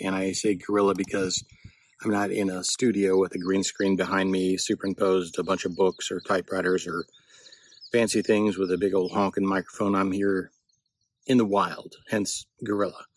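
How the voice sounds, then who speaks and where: A man's voice: low-pitched, level tone, moderate pace. A man giving writing tips in a casual, reflective spoken monologue, recorded outdoors rather than in a studio. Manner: reflective, meandering.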